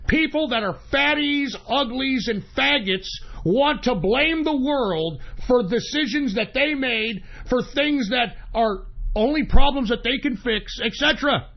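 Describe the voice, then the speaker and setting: A man's voice: very high-pitched, expressive, unhurried, muffled recording. A man hosting a talk radio show, delivering an angry, profane political rant.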